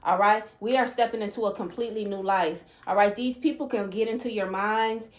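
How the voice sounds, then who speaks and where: A woman's voice: mid-range voice, fairly even intonation, a little fast. A woman hosting her channel, giving a casual spiritual card-reading talk in an emphatic way and checking in with "okay?" after nearly every point. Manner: emphatic, keeps adding "okay?" and "all right?". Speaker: channel host, card reader.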